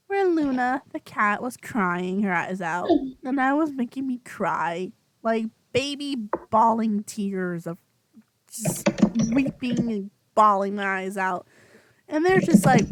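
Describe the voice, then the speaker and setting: A woman's voice: fairly high pitch, lively intonation, takes it slowly, a little hiss or hum. A woman co-hosting a podcast in casual chat, rambling with many fillers and frequent laughter, speaking over a home microphone on an online call. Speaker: podcast co-host.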